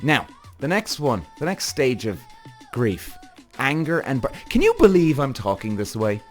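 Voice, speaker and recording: Animated, swearing man hosting a podcast. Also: medium pitch, a little slow, faint music behind. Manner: animated, swearing freely, acts out his own thoughts. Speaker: podcast host. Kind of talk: casual monologue to listeners.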